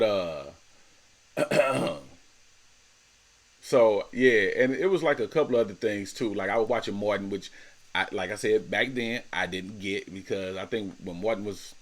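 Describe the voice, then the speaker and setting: A man in his thirties hosting a casual solo podcast, talking in a slangy, laid-back way, repeating words and laughing often. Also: fairly low pitch. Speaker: podcast host.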